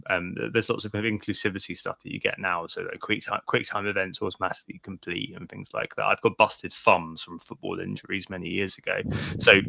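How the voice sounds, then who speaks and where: Co-host: man, low gravelly voice, dry close mic, halting chatter. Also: level tone, sharp tone, no room sound. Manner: hesitant, many ums and restarts. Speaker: podcast co-host. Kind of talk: casual chat.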